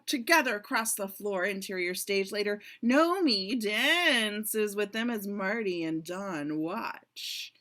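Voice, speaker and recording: Bright-voiced woman reading stage directions. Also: mid-range voice. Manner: chatty, laughs and asides between directions. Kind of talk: casual script reading over video call. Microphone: home computer mic on video call.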